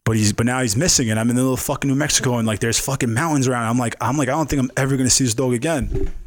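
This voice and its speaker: A man spins a rambling, profanity-laced story with animated energy. His voice sits at an ordinary middle pitch, and the sound is dry and close with no room around it. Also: rapid-fire, no room sound. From New York. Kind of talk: casual storytelling chat.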